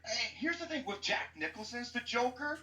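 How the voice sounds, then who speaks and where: Excitable foul-mouthed young woman, roomy distant sound. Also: a little high, normal speed. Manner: excitable, profane, animated ranting. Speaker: podcast co-host. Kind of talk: casual movie chat. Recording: dull, roomy, distant mic.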